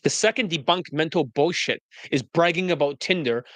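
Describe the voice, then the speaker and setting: A man, a dating coach, delivering a profane, combative monologue that mixes a sales pitch with attacks on rival coaches. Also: normal speed, fairly bright tone, no echo. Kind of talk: ranting monologue.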